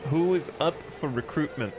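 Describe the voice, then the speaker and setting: A man's voice: fairly high pitch, normal speed, background noise. A man streaming a strategy game, reading its event text aloud and adding wry asides. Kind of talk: casual gameplay commentary.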